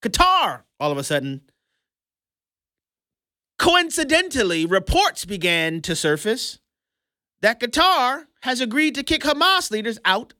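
Male commentary host, lively sarcastic delivery, bright voice, dry close sound. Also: very high voice, a little slow, pauses often, dry recording. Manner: emphatic, sarcastic, swings between loud and hushed. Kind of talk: opinionated political commentary.

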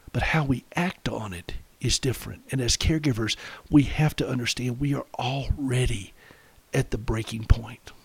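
A middle-aged man speaking earnestly to fellow caregivers, owning up to his own failings. His voice is husky, and the sound is close and dry with no room around it. He slows right down when he reads a quote or a verse. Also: mid-range voice, fairly bright tone, no echo. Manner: earnest, confessional, reads quotes slowly and deliberately. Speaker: radio host for caregivers. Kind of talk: reflective radio talk with scripture readings.

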